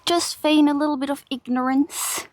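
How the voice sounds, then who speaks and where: Young finnish girl walking a park on stream, giggly, talks to chat, a bit high pitched. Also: level tone, normal speed, a little mellow. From Finland. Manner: chatty, giggly, reads and answers chat while walking. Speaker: IRL streamer. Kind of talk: casual live-stream chat. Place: large park outdoors.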